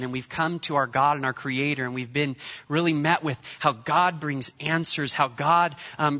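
A man delivering a sermon as pastor, lively and conversational, dropping into comic voices now and then. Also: on the high side, big-room sound, lo-fi sound. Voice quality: bright, animated delivery with jokey put-on voices. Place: church.

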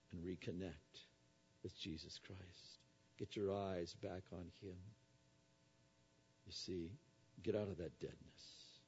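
A male pastor preaching a sermon, swinging between soft low lines and loud raised appeals. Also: vocal fry, breathy edge, muffled recording.

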